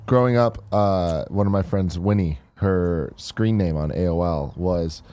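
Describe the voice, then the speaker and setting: This podcast co-host has a low, dark voice and keeps a measured pace with few pauses. He chats casually, laid-back and slangy, laughing often.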